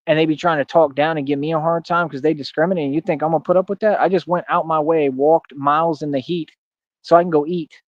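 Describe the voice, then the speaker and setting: A man's voice: a little high, darkish tone, no echo, dull audio. A man in a combative, boastful livestream rant, going over and over the same points. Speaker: live streamer. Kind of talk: ranting livestream monologue.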